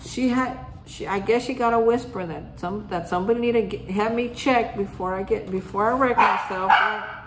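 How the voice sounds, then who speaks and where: A woman gives a casual daily reflection, telling a story and acting out the voices of the people in it. Her voice sits at a middle pitch. The recording is roomy and echoey, with faint background noise. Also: normal speed. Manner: storytelling, acts out remembered conversations. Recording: roomy echo.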